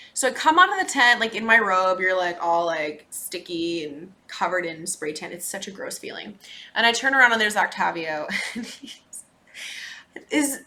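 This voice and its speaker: Bright-voiced chatty woman. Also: medium pitch. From Minnesota. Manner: chatty, animated, frequent laughs and asides. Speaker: podcast host. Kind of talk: casual personal recap.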